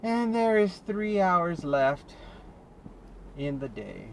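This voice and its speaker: American man, slightly high voice, breathless, chatty running commentary, car road noise behind. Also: big pitch swings, extremely slow, creaky, long pauses, low-quality recording. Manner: chatty, self-mocking, laughs often. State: winded, short of breath. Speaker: delivery driver vlogger. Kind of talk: casual running commentary while driving. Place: inside a car on city streets. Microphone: dash cam or phone mic in car.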